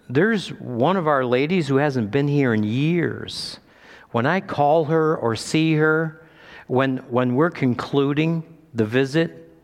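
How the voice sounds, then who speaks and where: A male pastor preaching a sermon with emphasis, his voice lifting high when he quotes Scripture. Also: big-room sound. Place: church sanctuary.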